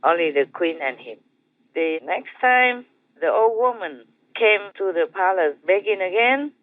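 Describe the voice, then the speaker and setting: A man with an Indonesian accent, a spiritual master telling a teaching story in a gentle, repetitive way with soft chuckles. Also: sits high, animated, unhurried, dry recording. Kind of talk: storytelling dharma talk. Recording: tinny phone-like dry sound.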